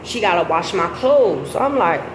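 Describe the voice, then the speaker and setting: Middle-aged woman, casual storytelling, animated, profane, echoey sound, loud background noise. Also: normal speed. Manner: animated, profane, laughs into high squeals.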